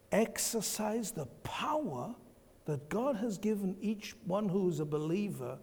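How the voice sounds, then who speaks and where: Male preacher, high and gravelly, slow emphatic sermon delivery in a reverberant church hall. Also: darkish tone. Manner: emphatic, repeats key phrases.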